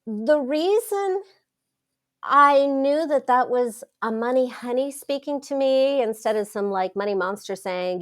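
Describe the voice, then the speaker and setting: A middle-aged woman, a wealth coach, telling stories in a casual interview with dramatic, expressive delivery. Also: sits high, a little slow. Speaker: wealth coach, podcast guest.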